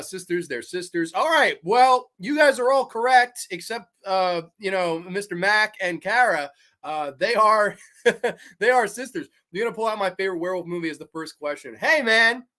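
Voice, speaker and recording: A man's voice: high-pitched, pushed and bright. A man hosting a casual horror livestream, reading chat aloud and chatting while snacking on candy. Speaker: livestream host.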